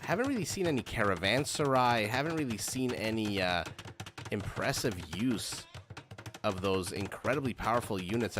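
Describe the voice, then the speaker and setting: A man's voice: on the low side, fairly bright tone. A man doing live play-by-play commentary on a strategy game match, chatting directly to his viewers. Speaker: game caster. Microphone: streaming microphone. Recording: noisy live stream recording.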